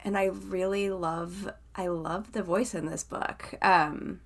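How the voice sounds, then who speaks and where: A woman's voice: on the low side, fairly even intonation, takes it slowly. A woman co-host asking a guest a question, curious and searching for words as she goes. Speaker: podcast co-host. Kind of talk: casual interview questions.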